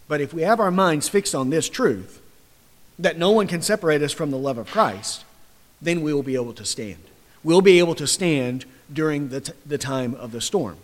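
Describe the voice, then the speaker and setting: A man preaching a sermon, swinging between loud, rising questions and quiet, low passages. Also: big-room sound. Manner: impassioned, rising to loud mocking questions then dropping soft.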